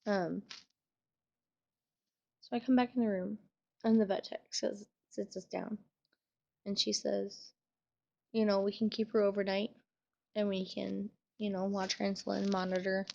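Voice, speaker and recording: A young woman speaks in a flat, gravelly voice, close to tears as she talks casually to the camera and swears. The recording sounds dull and lo-fi, like a home webcam. Her delivery is loose and full of fillers. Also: medium pitch, unhurried, pauses often. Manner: emotional, trying to hold back tears. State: tearful. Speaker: vlogger. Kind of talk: personal storytelling vlog.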